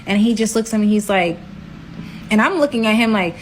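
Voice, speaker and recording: A woman telling a personal story in a casual, slangy way, her voice jumping high in pitch for emphasis. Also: expressive, brisk, a little hiss or hum.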